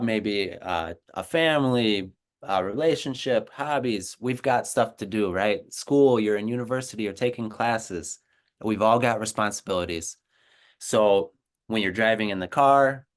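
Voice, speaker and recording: An American man talks in an earnest, encouraging way, often repeating a word to drive his point home. His voice is low and smooth. He sounds like a teacher giving advice in a casual conversation. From United States. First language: English. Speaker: co-host, language teacher.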